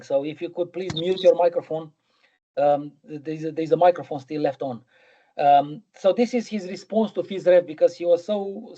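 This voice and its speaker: A man's voice: sits high, a little mellow, lo-fi sound. A middle-aged man giving a physics lecture in a webinar, hesitant, with many ums and repeated words.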